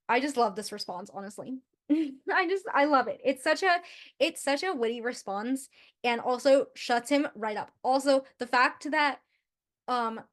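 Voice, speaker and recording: Young woman, higher-pitched voice, casual gushing book-vlog host, loose and chatty. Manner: chatty, gushing, restarts sentences often. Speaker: book vlogger. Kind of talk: casual book review chat.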